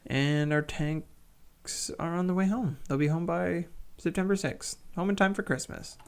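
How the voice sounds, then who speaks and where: A man's voice: a little high, a little slow, creaky, clear, resonant tone. A man giving casual, wry play-by-play commentary on a strategy game he is playing. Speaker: gaming channel host.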